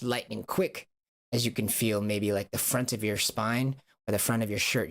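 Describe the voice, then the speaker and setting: A man's voice: fairly low pitch, gravelly, fairly bright tone. A man hosting a stream, coaching body awareness in a playful, repetitive call-and-response style. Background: music.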